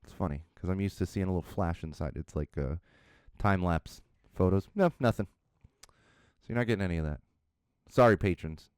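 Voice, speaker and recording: A man's voice: low voice, brisk, pauses often, smooth, dry recording, studio quality. A middle-aged man hosting a podcast, telling funny stories about himself in a casual, chuckling way. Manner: animated, chuckling, self-deprecating anecdotes. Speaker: podcast host. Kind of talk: casual solo podcast storytelling.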